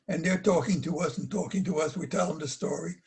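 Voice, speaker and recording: An older man in his eighties, originally from Belgium, gives a personal testimony talk. His voice sits a little high for a man. He tells it plainly and earnestly, often repeating a word as he goes. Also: fast talker, creaky, darkish tone. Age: 80s. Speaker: Holocaust survivor speaker.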